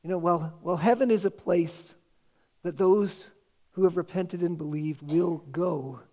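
A man's voice: sits high, warm tone. A man preaching a sermon, earnest and quoting scripture with rising emphasis. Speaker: pastor.

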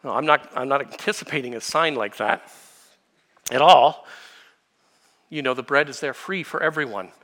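A man preaching a sermon, explaining scripture with everyday illustrations and rhetorical questions, swinging from quiet asides to fervent emphasis. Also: medium pitch, moderate pace, pauses often. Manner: expository preaching, builds to impassioned emphasis then drops to quiet. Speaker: pastor.

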